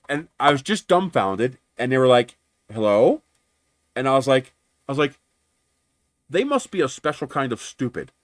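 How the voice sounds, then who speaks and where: Animated, profane man telling a story. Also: mid-range voice, dry recording. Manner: animated, profane, acts out both sides of phone calls. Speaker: livestream host. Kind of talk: casual storytelling on a livestream.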